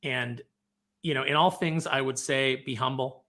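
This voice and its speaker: Bright-voiced man in casual chat. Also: mid-range voice, measured pace. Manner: rambling, repeats words while thinking. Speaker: podcast co-host.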